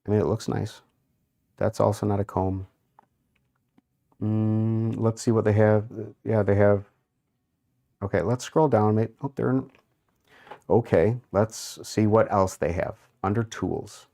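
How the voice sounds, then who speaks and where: A creaky, warm male voice, fairly low and fairly even in intonation, belongs to a casual livestream host. He unhurriedly reads chat aloud, mutters as he browses, and adds amused asides.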